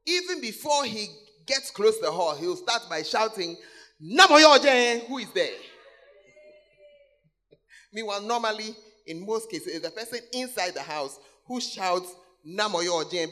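A high-voiced man preaching in a large church hall, his pitch leaping all over as he calls out to the congregation. His bright, sharp tone cuts through as he repeats key words, swinging between loud exclamations and low asides. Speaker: pastor. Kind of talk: sermon.

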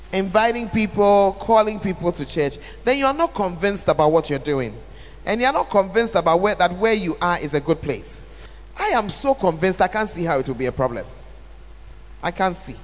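A woman's voice: mid-range voice, normal speed. A woman, a church leader answering questions at a church camp, talking animatedly with emphatic repetition. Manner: animated, emphatic repetition, acts out quoted speech. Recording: reverberant hall.

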